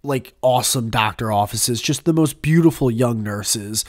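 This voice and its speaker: A man's voice: mid-range voice, normal speed. A man chatting as a podcast guest, telling crude joking stories. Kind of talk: casual chat.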